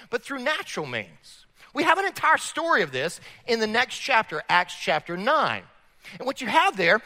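A man pastor preaching an animated sermon, rising loud and dropping low. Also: big-room sound. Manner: animated preaching, rises and drops in volume. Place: church sanctuary.

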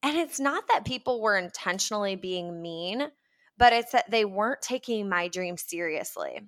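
A woman's voice: mid-range voice, animated, moderate pace, fairly bright tone. A young woman hosting a podcast, talking casually and upbeat, acting out little quoted voices as she goes. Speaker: podcast host.

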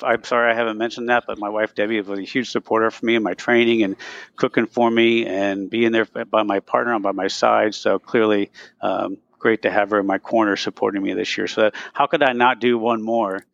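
A man in his sixties, a podcast guest, telling his race stories in a casual, animated way and often acting out what he said to himself. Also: lowish voice, fairly quick, gravelly, no room sound, lo-fi sound. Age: 60s. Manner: animated, retells races with quoted self-talk. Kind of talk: casual storytelling.

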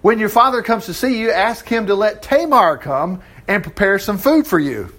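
A man's voice: sits high, expressive, moderate pace, a bit bright. A man voicing a crafty male adviser giving scheming instructions in a retold scripture story. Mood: conspiratorial. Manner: confiding instructions.

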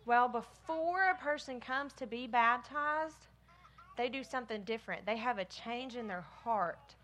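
A woman giving a lively children's sermon, talking straight to the kids. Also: fairly high pitch, unhurried. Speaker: children's minister.

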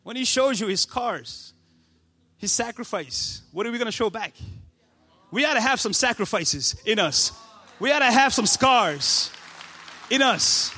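A man pastor delivering a passionate sermon to his church, building to shouts. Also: very high voice, expressive, a little slow, long pauses, slightly rough. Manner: passionate, preaching with rising shouts.

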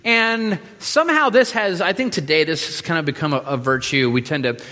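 A man preaching a sermon in a relaxed, joking way, with many fillers and restarts. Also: on the high side, fairly quick. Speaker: pastor. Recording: reverberant hall.

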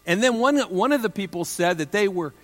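A man's voice: high voice, expressive, a little fast. Man preaching with a long hall reverb. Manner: conversational and humorous, with self-deprecating asides. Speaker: pastor. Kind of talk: sermon.

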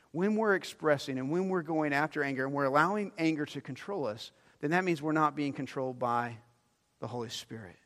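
A man preaching a sermon as pastor, animated, swinging between loud emphasis and hushed low lines. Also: big-room sound.

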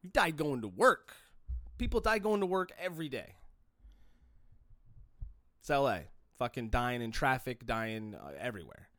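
A man's voice: mid-range voice, very animated, moderate pace, pauses often, a bit bright, no room sound, clean studio sound. A man hosting a solo podcast, talking in a profane, rambling rant with frequent restarts. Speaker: podcast host.

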